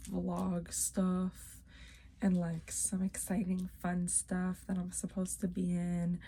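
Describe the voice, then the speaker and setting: A young woman chatting casually in her vlog, playful and rambling, with sudden loud exclamations. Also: mid-range voice, slight background noise. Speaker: vlogger.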